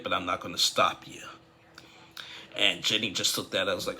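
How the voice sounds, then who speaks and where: A man in casual recap mode, rambling and restarting as he acts out quotes from the show. His voice sits fairly low but sounds very bright and forward. Faint noise hums behind him. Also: level tone, moderate pace, pauses often. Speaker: TV recap vlogger.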